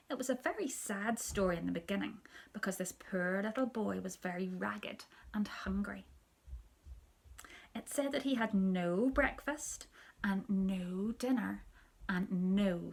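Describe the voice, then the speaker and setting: Teacher reading to children, soft and hushed, husky with a gravelly edge. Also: female voice, mid-range voice. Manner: soft, hushed storytelling, often near a whisper. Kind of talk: reading a children's story aloud.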